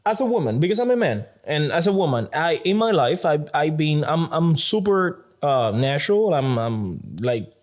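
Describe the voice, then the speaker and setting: Man, casual podcast chat, halting repeats, animated storytelling, a bit high-pitched. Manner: halting, repeats words, animated when telling stories. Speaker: podcast co-host.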